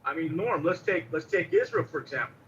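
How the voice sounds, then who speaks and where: A man's voice: on the high side, brisk, recorded from a distance, lo-fi sound, a little hiss or hum. A man arguing insistently in a panel debate, often repeating his words as he pushes his point. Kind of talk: heated online panel debate.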